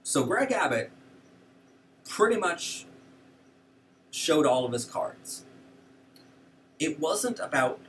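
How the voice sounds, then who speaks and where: A man's voice: a little high, takes it slowly, long pauses, far from the mic, a little hiss or hum. A man hosting a show, giving casual, indignant political commentary with lots of fillers. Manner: animated, indignant, frequent fillers. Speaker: show host.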